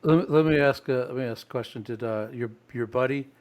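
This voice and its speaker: A man from the Midwest hosts a business podcast in a medium-pitched voice. He asks friendly, rambling questions and fills his pauses with "um" and "uh.". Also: a little mellow. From American Midwest. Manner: friendly, chatty questions with fillers. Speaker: podcast host. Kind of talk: casual interview chat.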